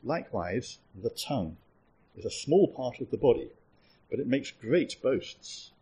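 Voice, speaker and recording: A man reading a scripture passage aloud in a measured, expressive way. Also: mid-range voice, slightly rough. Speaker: scripture reader.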